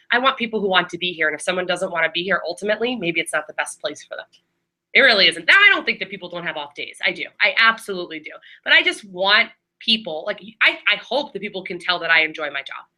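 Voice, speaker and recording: Woman trainer talking to a class, super bright voice, quick chatty, lots of likes and restarts. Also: on the low side, rough recording. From Maryland. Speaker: receptionist trainer. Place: training room with a group.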